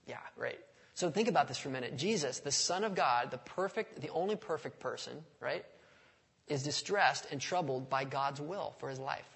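A man's voice: a little high, moderate pace, vocal fry, fairly bright tone, breathy edge. A man preaching a sermon in a conversational way, often putting questions to the congregation. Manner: conversational, asks the audience questions. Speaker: pastor. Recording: long reverb of a large hall.

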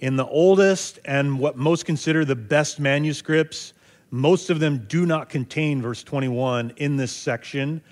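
A Bible teacher reads scripture aloud and then comments on it in a thoughtful, conversational way, with occasional fillers. His voice is fairly high and his pace unhurried.

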